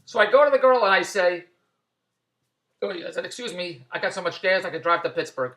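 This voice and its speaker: A man vlogging about his day at a shopping mall, rambling and repetitive, breaking into loud plugs for his business. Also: high voice, brisk, roomy sound. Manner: repetitive, tangential, with loud self-promoting plugs. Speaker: vlogger and online business owner. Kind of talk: rambling casual vlog.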